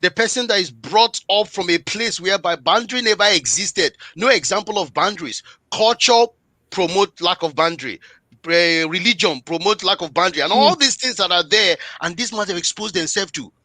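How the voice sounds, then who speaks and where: A man's voice: high-pitched, lively intonation, brisk, bright, forceful tone, no room sound. A man giving an impassioned motivational talk on relationships, speaking emphatically, repeating phrases for force and addressing the audience directly.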